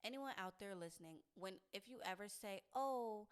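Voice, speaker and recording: A woman's voice: medium pitch, fairly quick, a bit bright, smooth. A young woman co-hosting a podcast, frank and teasing in casual conversation. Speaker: podcast co-host. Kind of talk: casual chat.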